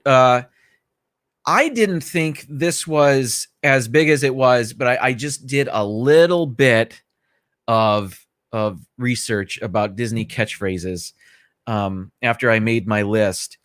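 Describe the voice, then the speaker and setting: A man's voice: mid-range voice, fairly bright tone, no echo. Chatty male livestream host, dry sound. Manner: chatty, rambling, greets viewers by name; easygoing, self-correcting asides. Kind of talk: casual livestream chat. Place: small home studio.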